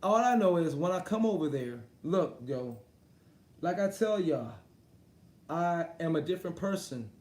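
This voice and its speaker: A man with a slightly high voice chats on a live stream, swearing freely and breaking into laughter. He talks directly to his viewers as if they are in the room. The sound carries a noticeable roomy echo. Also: expressive, a little slow, a little mellow. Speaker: sports talk streamer. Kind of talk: casual livestream chat about boxing.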